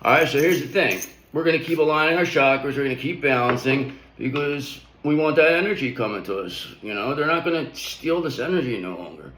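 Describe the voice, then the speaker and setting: A man's voice: mid-range voice, animated, brisk, hardly any pauses, fairly bright tone, reverberant, slight background noise, low-quality recording. A man giving a casual spiritual tarot reading, talking in a loose, rambling, slangy way with frequent check-ins to the listener. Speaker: tarot reader.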